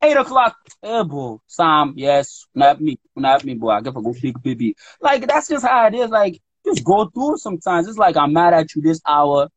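A man co-hosting a casual chat show, telling animated stories with quick put-on voices for the people he quotes. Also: fairly high pitch, slightly rough, no room sound. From DMV area of the US. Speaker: podcast co-host.

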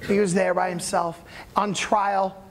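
A pastor preaches casually, retelling an old story in everyday language. The delivery is animated and conversational, with frequent check-ins to the listeners. It sounds like a friendly sermon rather than a formal one. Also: mid-range voice, unhurried, a little hiss or hum.

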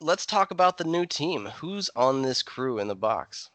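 A man's voice: fairly high pitch, very animated, moderate pace, fairly bright tone, dry recording. A man hosting a casual podcast chat, upbeat and playfully hyping up his guest. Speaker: podcast host.

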